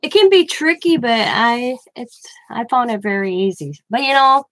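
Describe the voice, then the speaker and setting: A woman's voice: a little high, animated, moderate pace, fairly bright tone, no room sound. A woman hosting a casual crafting livestream from home, chatting with viewers by name and often restarting her sentences. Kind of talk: casual live-stream chat.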